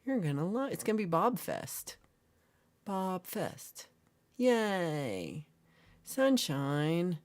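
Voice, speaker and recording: A woman's voice: on the low side, sing-song, drawn-out words, pauses often, darkish tone. A woman hosting a casual livestream, playfully reading and answering chat comments and teasing her viewers. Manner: jokey and teasing. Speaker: livestream host.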